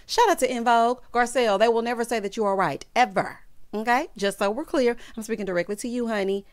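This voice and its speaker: A woman's voice: a little high, a little fast. A woman hosting a reality TV recap, giving sassy, emphatic commentary and calling her viewers honey and child. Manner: bursts into loud laughter and exclamations.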